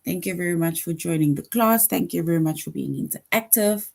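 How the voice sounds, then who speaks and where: A woman teacher giving an online lesson to second graders, slowly reading example sentences aloud and explaining each one. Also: fairly low pitch, vocal fry. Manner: slow, deliberate, reads example sentences aloud.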